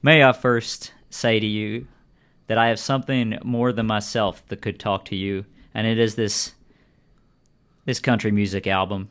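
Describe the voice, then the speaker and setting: A fatherly stranger with a very low voice, rambling in a folksy, long-winded way in a tabletop game scene, played by a man. He sounds kind and patient. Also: little pitch movement, measured pace, fairly bright tone. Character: kindly older male stranger, fatherly.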